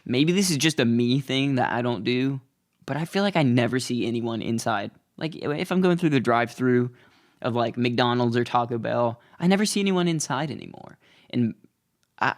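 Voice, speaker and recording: Rambling young male vlog host. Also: mid-range voice. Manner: rambling, self-deprecating, loose delivery. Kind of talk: casual comedic monologue.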